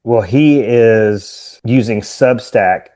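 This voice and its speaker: A podcast host with a medium-pitched voice speaks very slowly in casual conversation. He tells stories animatedly, acting out what other people said.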